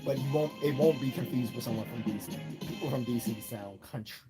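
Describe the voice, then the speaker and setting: A man's voice: medium pitch, fairly quick, over loud music. A man hosting a livestream, talking casually and rambling, with many fillers, restarts and small chuckles. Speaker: livestream host.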